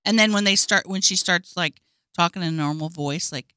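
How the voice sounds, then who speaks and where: Calm woman giving advice, bright lively voice, dry sound. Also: on the low side, brisk, dry recording. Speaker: podcast co-host. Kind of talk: casual chat.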